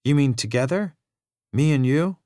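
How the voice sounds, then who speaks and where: A man voicing an excitable young boy, the little brother in a storybook reading. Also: mid-range voice, moderate pace, dry recording, clean studio sound, voice pushed up, lightly acted. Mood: hopeful.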